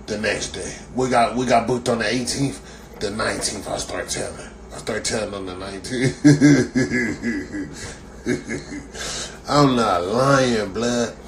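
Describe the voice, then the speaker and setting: A man's voice: mid-range voice, a little slow, gravelly, a little hiss or hum. A man delivering a profane, mocking comedic rant, repeating himself for laughs. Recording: echoey room.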